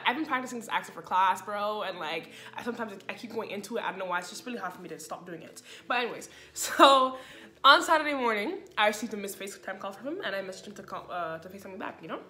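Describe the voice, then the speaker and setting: A woman's voice: mid-range voice, sharp tone. A young woman telling a personal story in a chatty vlog, acting out quoted lines of dialogue. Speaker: vlogger. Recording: echoey room with faint music.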